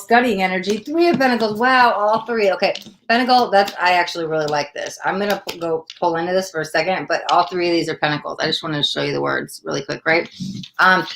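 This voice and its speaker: A woman's voice: lowish voice, a little hiss or hum. A woman from the United States hosting a livestream tarot reading, gushing with thanks and chatting casually with lots of "like" and "oh my God.".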